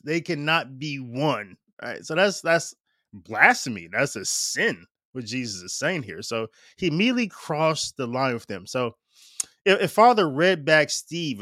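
A man's voice: fairly high pitch, fairly bright tone, no echo, studio quality. A man preaching a casual, conversational homily, often checking in with his listeners and using plenty of fillers. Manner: chatty, keeps asking "right?" with fillers and laughs.

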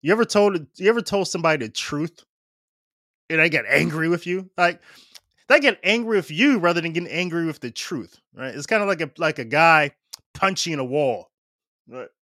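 A man's voice: on the high side, animated, normal speed, bright, forceful tone, no echo, studio quality. A man preaching a casual, conversational homily, often checking in with his listeners and using plenty of fillers. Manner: chatty, keeps asking "right?" with fillers and laughs.

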